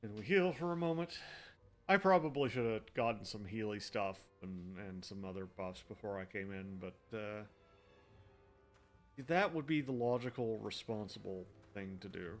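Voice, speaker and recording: A man's voice: on the low side, moderate pace. Man, game streamer, casual commentary, self-deprecating, faint background music. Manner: chatty, self-deprecating, talks to chat while playing.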